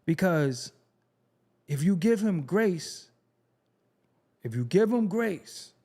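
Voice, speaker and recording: A man hosting his own commentary channel, talking in an emphatic, profane, conversational way, repeating phrases for effect and dropping low for serious asides. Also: expressive, takes it slowly, warm tone. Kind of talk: opinionated commentary.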